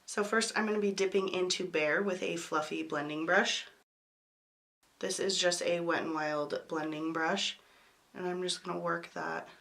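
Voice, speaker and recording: Hoarse, sick-sounding woman vlogger. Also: lowish voice, fairly even intonation, moderate pace, fairly bright tone. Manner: apologetic, chatty. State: hoarse from a cold. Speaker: beauty vlogger. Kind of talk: makeup tutorial talk.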